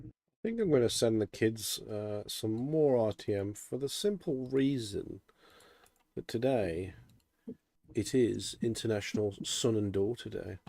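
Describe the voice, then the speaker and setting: A man's voice: lowish voice, expressive, a little slow, vocal fry, dark tone. A man chatting casually on a live stream, a little grumbly about small annoyances. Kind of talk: casual livestream chat.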